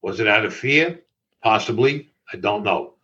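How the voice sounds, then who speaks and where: A man's voice: fairly low pitch, animated, moderate pace, pushed and bright. An older man, an interview guest recounting a personal story in a matter-of-fact way and acting out other people's lines. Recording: dull lo-fi audio.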